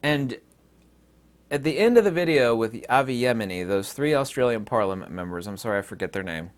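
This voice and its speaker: Animated American man ranting to camera. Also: mid-range voice, brisk. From United States. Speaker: vlogger. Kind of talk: casual monologue to camera.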